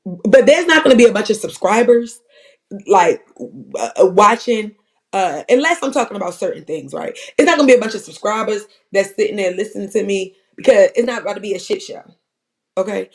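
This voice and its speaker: A gravelly, raspy-edged voice, sitting in the middle of the pitch range. This commentator rambles through profane, animated stories in a loose, casual flow that keeps circling back on itself. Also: a little fast. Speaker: livestream commentator.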